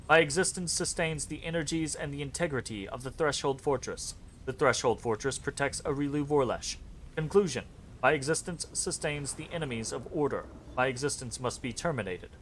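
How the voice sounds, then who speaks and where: A man doing a cheap flat robot voice. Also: medium pitch, slight background noise, pitched above the performer's own voice, lightly acted. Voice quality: flat semi-robotic delivery. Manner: clipped protocol-style statements. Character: imprisoned male metal construct, cold and logical. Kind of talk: reading game dialogue aloud.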